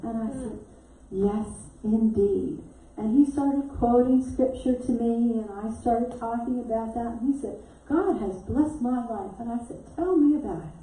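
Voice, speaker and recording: Middle-aged woman minister, mellow storytelling sermon voice, roomy distant church sound. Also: a little high, normal speed, few pauses. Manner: animated storyteller who acts out quotes and laughs often. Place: church sanctuary. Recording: echoey hall mic from a distance.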